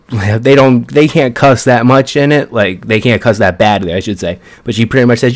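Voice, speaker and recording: Excited, swearing young-sounding man. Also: medium pitch, normal speed, few pauses. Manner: excited, profane, chatty storytelling. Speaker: anime reviewer. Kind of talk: casual episode recap.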